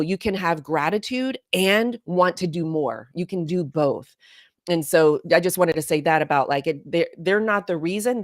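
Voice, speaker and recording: A woman in her forties with a low voice speaks as a guest coach. She is earnest and emphatic and hammers her points home by repeating them. The sound is close and dry. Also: no room sound. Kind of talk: casual podcast talk.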